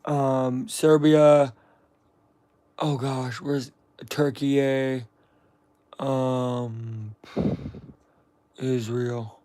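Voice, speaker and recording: This young man from the United States speaks at medium pitch with little pitch movement, extremely slowly and with frequent pauses, in a mellow tone. Reacting to a broadcast on a live stream, he chats loosely, rambles, jokes, uses slang and keeps calling people "bro."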